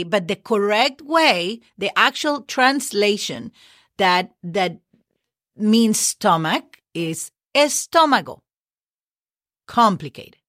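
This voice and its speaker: A woman's voice: medium pitch, a bit bright, no room sound, clean studio sound. A woman hosting a podcast lesson, chatty and encouraging, spelling words out letter by letter. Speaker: Spanish teacher and podcast host. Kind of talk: relaxed podcast language lesson.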